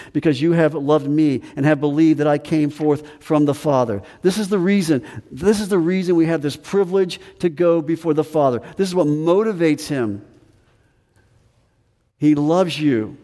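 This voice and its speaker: A man preaching a sermon with earnest emphasis, slowing down on key phrases and rising in pitch when stressing a point. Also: dark tone. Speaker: pastor. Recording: long hall reverb.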